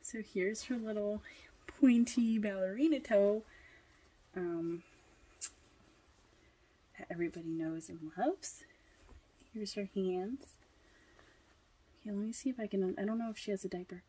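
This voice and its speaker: A young adult woman chatting casually as she unboxes a doll, gushing with excitement, now and then dropping to a whisper and a little out of breath. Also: medium pitch, measured pace, pauses often, husky. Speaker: doll collector vlogger.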